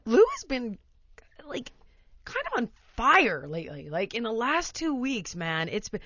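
A woman host telling a long story in casual chat, animated and often laughing, acting out her toddler in voices. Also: on the high side, unhurried, dry recording, muffled recording.

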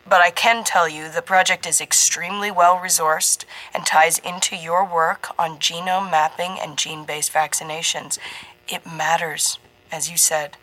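Woman narrator plays a slick, genial middle-aged man recruiting; booming, oozy emphasis, bright, a touch low. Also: low-quality recording. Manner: booming, oozing, emphasizes every word.

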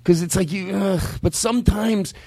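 Brief: male host, casual chat, animated, swears, dry booth. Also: a little high, fast, dry recording. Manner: rambling storyteller, animated, swears. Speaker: podcast host.

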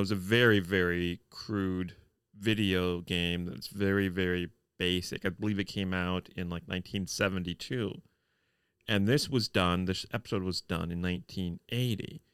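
Wry smooth-voiced man recapping a show. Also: sits low, dry recording, studio quality. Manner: wry, deliberate recapping with deadpan nitpicks. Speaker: podcast co-host. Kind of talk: casual chat reviewing a TV episode.

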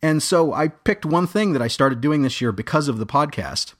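Halting, chuckling man on a podcast. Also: a little high, animated, fairly bright tone. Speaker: guest panelist. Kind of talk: casual chat.

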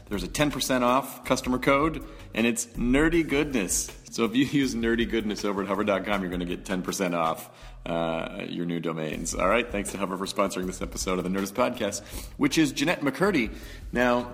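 Low-voiced man reading a podcast ad. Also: fairly bright tone, big-room sound. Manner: casual, rambling with fillers. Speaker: podcast host. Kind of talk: reading an ad and introducing a guest.

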